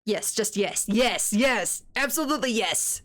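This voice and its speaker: A woman's voice: mid-range voice, expressive, measured pace, fairly bright tone. A young woman streaming a game, chatting casually in a rambling, giggly way with lots of fillers. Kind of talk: casual gaming commentary.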